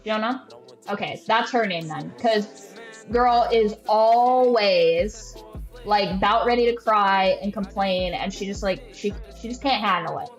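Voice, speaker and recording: A woman's voice: medium pitch, unhurried, soft background music. A woman hosting a podcast, telling a story in blunt, profane casual chat full of filler words, acting out her friends' lines. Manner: acts out friends' lines in quoted asides. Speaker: podcast host.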